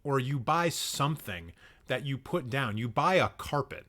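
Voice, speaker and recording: A man's voice: medium pitch, animated, measured pace, fairly bright tone. A young man hosting casual reaction commentary, joking sarcastically and swearing now and then as he reacts to clips. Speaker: film commentary host.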